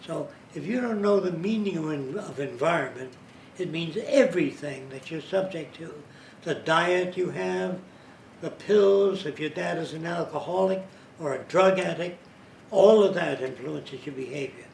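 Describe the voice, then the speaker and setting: A man's voice: fairly high pitch, moderate pace, creaky, darkish tone. Man lecturing in an echoey room. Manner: explanatory, slips into mimicking accents. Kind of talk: informal lecture. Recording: roomy, distant mic, faint hiss.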